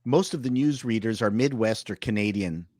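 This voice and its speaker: A man on a podcast panel in casual chat, animated and quick to laugh, often restarting his sentences. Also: on the low side, no room sound, clean studio sound.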